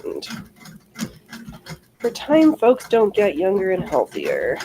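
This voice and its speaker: A woman's voice: mid-range voice, wildly swooping pitch, takes it slowly, noisy background. A woman hosting a livestream, chatting casually and rambling as she answers chat comments, with frequent swearing. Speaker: livestream host.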